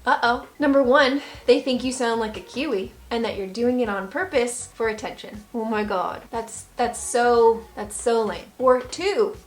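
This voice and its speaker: Sarcastic, playful American woman vlogger. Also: on the high side. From United States. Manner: sarcastic, playful, mock-serious. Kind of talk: comedic vlog monologue.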